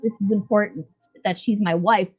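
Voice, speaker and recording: A woman's voice: mid-range voice, fairly even intonation, moderate pace, darkish tone, breathy edge, highs cut off, faint music behind, lightly acted. A vengeful male vampire lord, ranting and sneering at the people who wronged him, as a woman co-host quotes him in her own voice. The retelling is loose and profane.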